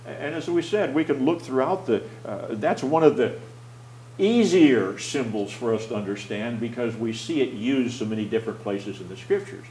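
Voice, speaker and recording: A man's voice: medium pitch, lively intonation, normal speed, dark tone, reverberant, rough recording. A man teaching a Bible class, explaining plainly, often restarting his phrases and putting questions to the class.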